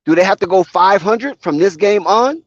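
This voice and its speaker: Dry, dull, lo-fi audio captures a sports commentator offering conversational, opinionated takes on a live basketball game. His voice is high with lively intonation at a normal pace.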